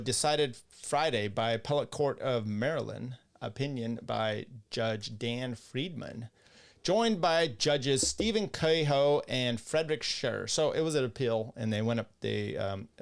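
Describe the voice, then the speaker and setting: A man's voice: medium pitch, vocal fry, clean tone. A man hosting a livestream, reading court rulings aloud in a casual, rambling way and breaking off for sarcastic asides. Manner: casual, rambling, with fillers and restarts. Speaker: podcast host. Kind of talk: livestream legal commentary.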